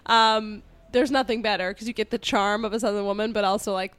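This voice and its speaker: A woman's voice: mid-range voice, fairly even intonation, fairly quick, a bit bright, clear, resonant tone. A young woman co-hosting a comedy podcast, chatting casually, laughing and trailing off mid-sentence. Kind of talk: casual chat, retelling history.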